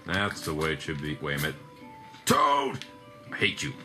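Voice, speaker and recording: A young man with a low voice and lively, swooping intonation, cracking sarcastic and profane jokes while he plays a video game. His delivery is loose and casual. Game music plays clearly behind him. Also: normal speed. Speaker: let's play gamer. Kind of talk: casual gameplay commentary.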